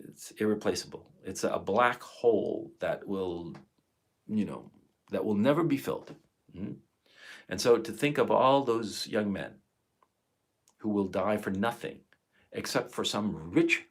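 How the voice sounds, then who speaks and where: A man in his fifties delivers an impassioned live stream rant to his viewers. His voice is gravelly with a husky edge, and he swears often. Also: on the low side. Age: 50s. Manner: emotional, profane, impassioned ranting. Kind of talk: angry live stream monologue.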